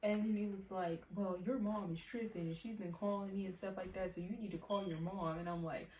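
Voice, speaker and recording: A woman's voice: mid-range voice, steady tone, brisk, darkish tone, distant mic. A teenage girl telling a casual storytime, chatty and full of fillers. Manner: chatty, many fillers, laughs often. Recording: echoey room, mic set back, faint hiss.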